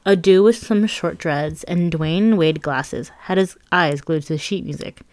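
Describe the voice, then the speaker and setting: Woman reading her own memoir, wry and chatty, lowish voice, super dry studio sound. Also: unhurried, darkish tone, no room sound. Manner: candid, wry, conversational storytelling. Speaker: memoir narrator. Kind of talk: audiobook memoir narration.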